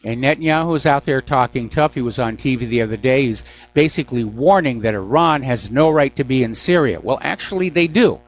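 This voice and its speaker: A man's voice: mid-range voice, expressive, a little fast, few pauses. A man hosting a news commentary call-in radio show, delivering sarcastic, mocking asides. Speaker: radio talk show host.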